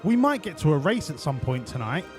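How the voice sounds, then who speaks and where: A man's voice: fairly high pitch, big pitch swings, fairly quick, over loud music. A man streaming a racing management game, chatting sarcastically and swearing with his viewers. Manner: sarcastic, sweary banter with chat. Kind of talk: casual live-stream commentary.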